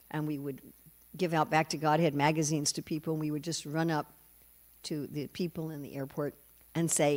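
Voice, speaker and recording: A woman's voice: deep voice, darkish tone. Older woman preaching with humor. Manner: storytelling, acting out quoted voices with humor. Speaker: preacher giving a scripture class. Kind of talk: sermon. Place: temple hall.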